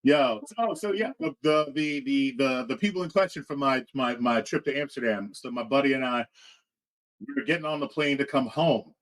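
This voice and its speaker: A man in his forties from the United States, telling a story as a podcast co-host in crude, animated casual chat. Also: mid-range voice, normal speed, rough recording.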